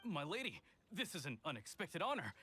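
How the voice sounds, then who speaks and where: A dutiful escort guard speaks with formal deference. His voice is bright and lively in pitch, and faint game music plays underneath. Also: a little fast. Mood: deferential. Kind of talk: game cutscene dialogue.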